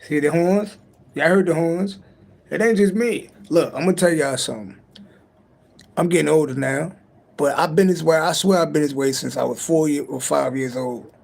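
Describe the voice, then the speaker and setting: A man's voice: fairly high pitch, moderate pace, gravelly, darkish tone. A man giving a late-night tarot reading on a livestream, talking in a loose, profane, rambling and joking way. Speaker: tarot reader on a live stream. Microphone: livestream mic.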